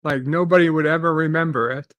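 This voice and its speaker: A man hosting a casual live stream, reading viewer comments aloud and musing in halting, repeated phrases with lots of fillers. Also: on the high side, steady tone, fairly bright tone, no room sound. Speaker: host reading chat.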